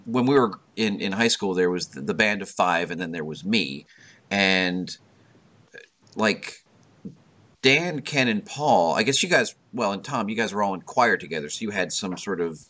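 A man's voice: deep voice, expressive, normal speed, sharp tone. A man hosting a podcast, telling rambling stories with laughs in casual chat. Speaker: podcast host.

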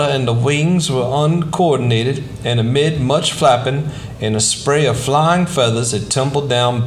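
A man reading a short story aloud in a soft, quiet, measured way. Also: mid-range voice, a little hiss or hum. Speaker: narrator.

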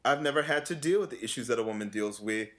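A man co-hosting a relaxed conversation, talking with lots of animation and frequent laughter. He drops into brief mimicry of other voices as he tells stories. His delivery is loose and expressive. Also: mid-range voice, quick pace. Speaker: podcast co-host and vocal coach. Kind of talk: casual chat.

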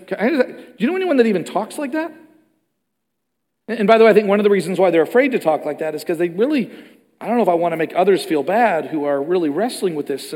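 A man preaching in a slightly higher voice than most men, his words ringing with a long reverb through a large church hall. His delivery is animated, swinging between loud emphatic passages and quiet, hushed ones. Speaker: pastor. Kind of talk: sermon.

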